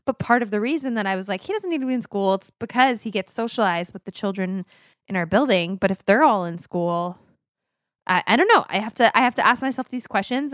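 A woman's voice: medium pitch, a bit bright, dry recording, studio quality. A woman in her thirties co-hosting a podcast in casual chat, candid and rambling, often correcting herself mid-sentence. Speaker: podcast co-host.

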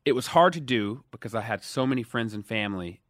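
A man in his thirties from Dallas, telling stories in a casual interview, animated, swinging between loud emphasis and quiet asides. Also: mid-range voice, fast, no room sound, clean studio sound. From Dallas, USA. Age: 30s. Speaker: guest.

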